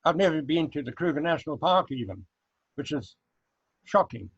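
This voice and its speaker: An older man from South Africa, a guest chatting casually in an interview, unhurried and reminiscing, with frequent hesitant fillers. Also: fairly high pitch, sing-song, slightly rough, dry recording. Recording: dull lo-fi recording.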